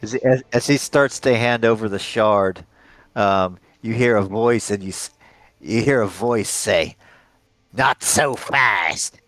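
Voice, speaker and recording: A man running a tabletop role-playing game as game master, narrating the action haltingly with fillers and restarts. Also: on the low side, no room sound.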